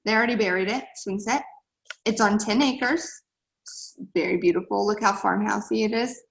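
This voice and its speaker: A woman's voice: mid-range voice, normal speed, creaky. A woman talking casually and with animation to her team on a video call, motivating them with lots of "like" and "you guys". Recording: roomy echo.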